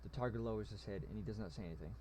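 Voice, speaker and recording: A man's voice: on the low side, rapid-fire, dark tone, a little hiss or hum. A man reading a text adventure aloud in a casual manner, with occasional asides. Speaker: reader of a story game.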